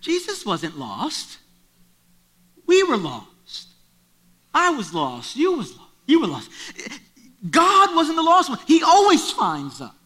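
A man's voice: very high voice, huge pitch swings, measured pace, bright, forceful tone. A man preaching a sermon, retelling a story in a conversational way and driving points home through repetition. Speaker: pastor.

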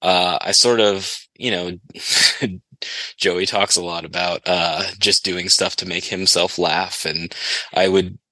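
A man with a low voice and a bright, forceful edge rambles through a long story in casual podcast chat, laughing along the way. His voice is recorded close and dry. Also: fairly even intonation, slow, no room sound, poor audio. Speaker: podcast guest.

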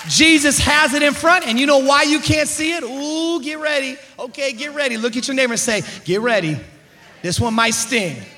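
High-voiced, bright, emphatic male preacher. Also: fairly quick, few pauses. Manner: emphatic, call-and-response, swings from quiet to shouting. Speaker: pastor. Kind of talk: sermon. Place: church sanctuary.

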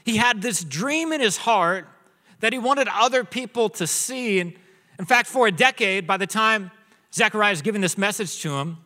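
A man in his thirties delivers a humorous sermon from the stage of a church auditorium. His voice sits a little high and rings bright, and it carries a long hall reverb. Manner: joking storyteller, acts out his son's voice. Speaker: pastor.

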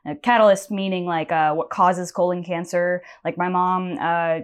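A woman's voice: lowish voice, steady tone, normal speed, clean tone. A young woman telling a personal story as a podcast guest, chatty and full of fillers. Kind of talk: casual storytelling.

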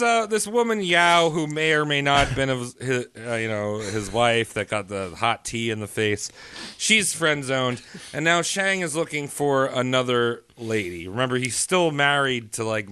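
A man's voice: medium pitch, measured pace, pushed and bright, clean tone, no room sound. A man casually recounting a history story to friends on a podcast, joking and full of fillers. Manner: loose, joking, many fillers and restarts.

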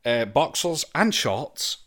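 A man's voice: medium pitch, big pitch swings, slow, fairly bright tone. Easygoing man co-hosting a podcast. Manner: easygoing, hesitant, self-deprecating. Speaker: podcast co-host. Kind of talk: casual podcast chat about retro games.

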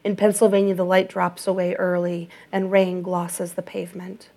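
A woman reading an audiobook in a measured, even narration. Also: fairly low pitch.

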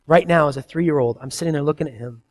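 A man in his thirties preaching a sermon, earnest and conversational, swinging between loud emphasis and soft, quiet asides. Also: fairly high pitch, fast. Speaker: pastor.

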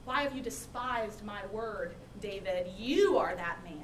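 A woman's voice: high-pitched, animated, moderate pace, pushed and bright, roomy sound, recorded from a distance, slight background noise. A woman acting out a prophet who rebukes a king, emphatic and without drama. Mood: stern. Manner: emphatic, unemotional. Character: calm, emphatic prophet confronting a king, man.

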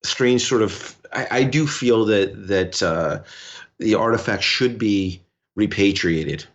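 Guy on a podcast rambling through a story, kinda low voice, muffled lo-fi audio. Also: takes it slowly. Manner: rambling, animated storytelling with many restarts. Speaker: podcast co-host. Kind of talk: casual podcast conversation.

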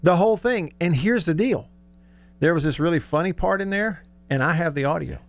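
A man hosting a sports talk radio show, telling stories excitedly and laughing often. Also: fairly high pitch, brisk, vocal fry.

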